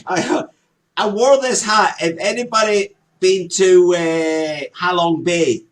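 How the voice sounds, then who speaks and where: A man co-hosting a casual chat show, jokey and loud, often laughing. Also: sits high, slow pace, a little hiss or hum. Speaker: co-host.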